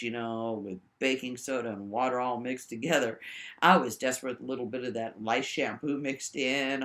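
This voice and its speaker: A woman telling a rambling personal story to the camera, swinging between high exclaims and low mutters and often checking in with the listener. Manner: keeps checking in with the listener with "right?".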